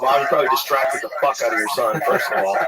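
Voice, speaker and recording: A man's voice: medium pitch, quick pace, very noisy. A man telling stories in a casual podcast chat, swearing freely and getting worked up. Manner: profane, animated storyteller.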